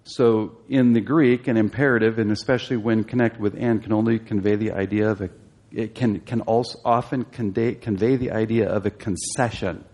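A man's voice: on the low side, steady tone, normal speed, a little mellow. Man teaching a Bible study class. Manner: explanatory, rising emphatic when exhorting, asks the class questions.

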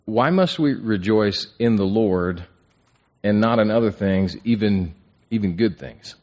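A man's voice: fairly low pitch, animated, unhurried. A man teaching an interactive Bible class, asking the group questions and restarting his phrases with repeated words. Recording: dull lo-fi recording.

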